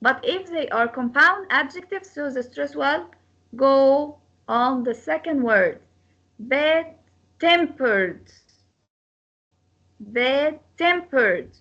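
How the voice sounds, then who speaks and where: Slow, high-voiced woman teaching word stress. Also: a bit bright, muffled recording. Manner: slow, repeats words and splits syllables to model stress; non-native grammar slips. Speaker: English teacher. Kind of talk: classroom lesson on word stress.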